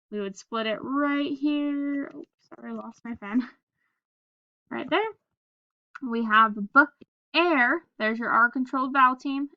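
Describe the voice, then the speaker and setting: A woman teacher with a fairly high voice leads a phonics lesson, patiently spelling words letter by letter and reading aloud slowly while prompting the class to join in. The recording is dry, with the highs cut off.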